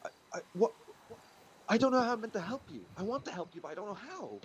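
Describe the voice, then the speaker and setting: A man's voice: sits high, very animated, fast talker, slightly rough, pitched above the performer's own voice, exaggerated voice, poor audio. A man playing a polite, flustered doctor who stammers and apologizes.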